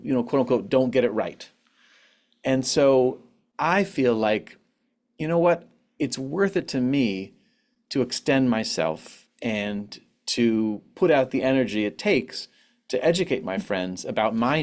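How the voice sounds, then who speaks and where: A man giving a candid, reflective online talk on grief, now and then acting out what others said in a higher voice. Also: darkish tone. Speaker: conference speaker on grief. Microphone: online presentation mic.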